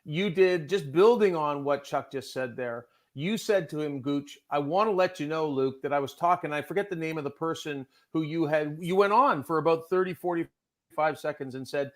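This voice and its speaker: Upbeat, motivational man with a slightly high voice. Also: normal speed. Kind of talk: casual panel chat.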